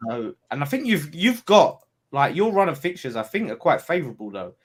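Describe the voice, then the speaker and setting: A man chatting casually on a football podcast over a call, animated and teasing. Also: on the high side, brisk. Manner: animated, teasing, boastful banter. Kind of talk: casual chat.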